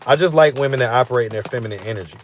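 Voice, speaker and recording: A man's voice: mid-range voice, racing, slight background noise. A man hosting a live stream, chatting casually and reading out viewer comments in a loose, rambling way. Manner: loose and rambling, full of fillers like "you know what I'm saying". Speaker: host of a street interview channel.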